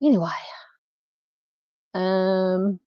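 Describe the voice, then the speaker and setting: Speaking extremely slowly in a clear, resonant mid-range voice with fairly even intonation, a Southern-accented woman hosts a laid-back true crime live stream. She chats and rambles with viewers, saying "you know" often, and the sound is dull with no echo.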